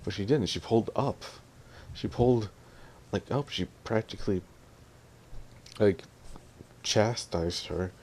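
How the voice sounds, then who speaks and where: A young man with a very low, gravelly voice rants into his audio vlog, irritated and sarcastic. He imitates his family in quoted lines. Faint hiss sits behind him. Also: takes it slowly, pauses often, a little mellow. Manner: annoyed, ranting, mimics family in quotes. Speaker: vlogger.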